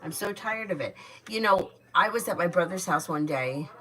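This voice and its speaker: A woman with a fairly low voice runs a casual tarot livestream. Between readings she rants bluntly and sounds exasperated, swearing freely. She talks like a mother at the end of her rope. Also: lively intonation, moderate pace, fairly bright tone, low-quality recording. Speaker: tarot reader and livestream host.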